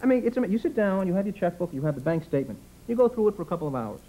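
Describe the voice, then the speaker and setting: Fast-talking man rambling comically. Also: high-pitched, expressive, dark tone, poor audio. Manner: rambling, self-deprecating, acts out voices. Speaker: comedian guest. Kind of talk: comic talk-show chat.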